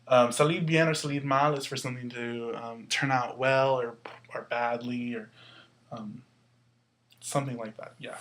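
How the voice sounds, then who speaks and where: A man teaching a Spanish lesson, explaining slowly and patiently with some fillers. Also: medium pitch, a bit bright, slight background noise. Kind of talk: recorded classroom lesson.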